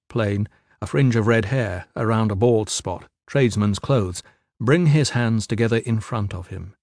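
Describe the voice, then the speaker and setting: Recorded dry and at studio quality, this audiobook narration comes from a man with a medium-pitched voice. He reads the script in an even, measured storytelling manner.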